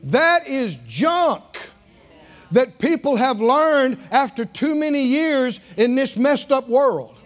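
A man preaching a sermon, drawing answers from his congregation and rising to shouts. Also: very high-pitched, expressive, takes it slowly.

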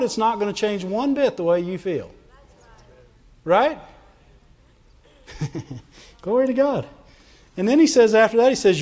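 A man with a fairly high voice preaches a lively sermon, slipping into whiny put-on voices as he acts out his point. The sound is a bit dull and carries the long reverb of a big hall. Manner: animated, acts out whining voices, laughs often. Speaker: pastor.

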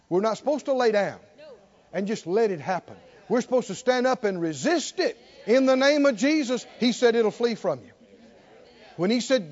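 Emphatic male preacher with a very high, animated voice; dull, lo-fi sermon recording. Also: normal speed. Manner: emphatic, repetitive, rhetorical questions.

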